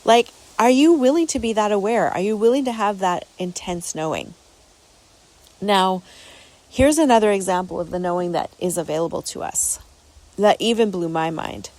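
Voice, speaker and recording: A woman's voice: mid-range voice, moderate pace, darkish tone, low-quality recording. A woman hosting a podcast, telling a personal story casually in an earnest, rambling way, with many repeated words and restarts. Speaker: podcast host.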